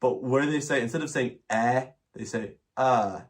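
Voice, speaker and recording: A Scottish-accented man hosts a casual livestream Q&A, answering questions in a brisk, medium-pitched voice. His chat rambles, with many restarts and some swearing.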